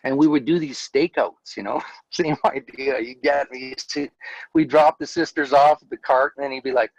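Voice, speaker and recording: As a guest in an interview, a man who was once a Jehovah's Witness elder recounts his experiences with earnest, animated candor and occasional laughter. He speaks at a normal speed in a mid-range voice, in a dry recording with dull audio.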